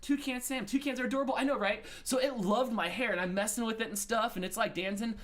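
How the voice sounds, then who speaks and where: A man's voice: very high-pitched, quick pace. A man hosting a morning show, telling a long rambling story and acting out the other people in it. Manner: rambling, animated, acts out voices of people in his story. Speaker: host. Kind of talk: casual storytelling monologue.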